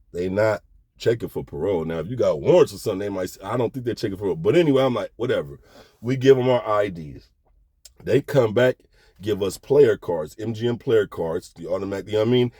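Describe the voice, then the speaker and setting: A middle-aged man telling a story in a casual, animated way, heavy on slang, and often checking that the listener is following. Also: fairly low pitch, fairly quick, husky, dry recording, clean studio sound.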